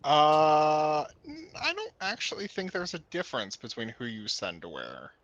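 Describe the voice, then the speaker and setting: A man's voice: a little high, moderate pace, dry recording, dull audio. A man streaming a video game, joking and commenting casually with some hesitation. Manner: joking, animated, hesitant with fillers.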